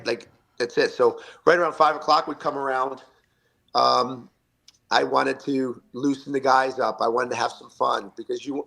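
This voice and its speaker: A man in his fifties, a retired hockey player, telling animated locker-room stories as a podcast guest and acting out the quotes. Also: medium pitch, creaky, husky. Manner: animated anecdotes with acted-out quotes. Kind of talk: storytelling interview.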